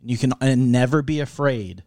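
A man's voice: medium pitch, dark tone. Profane rambling man on a podcast. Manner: profane, rambling storyteller with halting restarts. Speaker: podcast co-host. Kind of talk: casual comedic chat.

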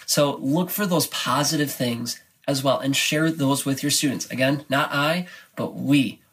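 A man with a slightly husky, breathy voice shares teaching advice on a podcast for choir directors. He talks with energy and bursts of animation, acting out moments from rehearsals. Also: medium pitch, unhurried, a bit bright.

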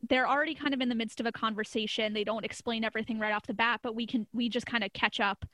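A woman's voice: fairly high pitch, fairly even intonation, fast, fairly bright tone, dry recording. Chatty young woman recapping a show. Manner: chatty, many "like" fillers, laughs often. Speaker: podcast co-host. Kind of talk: casual chat recapping a TV episode.

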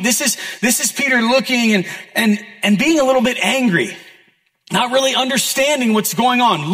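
A young male pastor with a notably high voice delivers an earnest, conversational sermon, slipping in self-deprecating asides. His words ring out with a long reverb tail, as in a big church hall. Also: expressive, normal speed, bright, forceful tone. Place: church auditorium.

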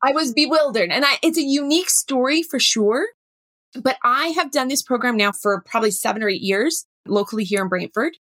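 A middle-aged woman, a workshop facilitator telling a story with animated, acted-out dialogue. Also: sits high, fairly quick, no echo. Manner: animated, acts out dialogue in her stories. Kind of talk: storytelling talk.

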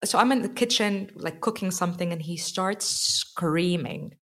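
Young woman with a lowish voice telling a story, gets animated and does the voices. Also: moderate pace. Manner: animated, acts out quotes with rising pitch. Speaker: podcast guest. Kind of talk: casual storytelling.

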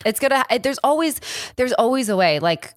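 A woman's voice: on the high side, lively intonation, a little fast, no room sound, studio quality. A young woman co-hosting a podcast who talks in a self-assured, assertive way. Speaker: podcast co-host. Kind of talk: casual chat.

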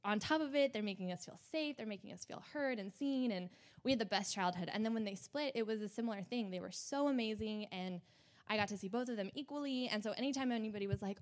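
A woman's voice: mid-range voice, quick pace. A young woman hosting, openly and emotionally sharing a personal faith story in a casual way, with many fillers. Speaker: host.

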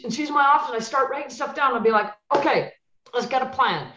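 A woman's voice: sits high, fast, roomy sound, highs cut off. A woman who used to coach basketball and now coaches clients, telling stories in a podcast chat and acting out the dialogue with emphatic repeats. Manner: animated, acts out dialogue with emphatic repetition. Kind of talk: podcast conversation, storytelling.

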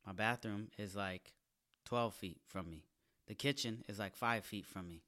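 A stand-up comedian hosting his own podcast from a small studio apartment, energetic, profane and mocking himself. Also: on the low side, unhurried. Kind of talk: solo podcast intro monologue.

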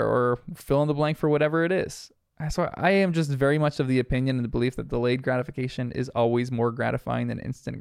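A man's voice: mid-range voice, creaky, a little mellow, clear, resonant tone, no echo, studio quality. A young man giving a casual, chatty recap of a cartoon episode, reflective and full of fillers. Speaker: episode reviewer.

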